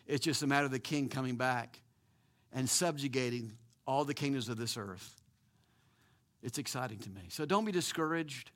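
A man preaching a sermon as pastor, animated and emphatic, with repeated words, restarts and the odd chuckle. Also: mid-range voice.

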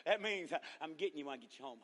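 A man preaching a revival sermon, teasing the congregation and rising to shouted fervor. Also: a little high, lively intonation, quick pace. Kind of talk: joking, call-and-response revival sermon. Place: church revival service. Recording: long echoing church hall reverb.

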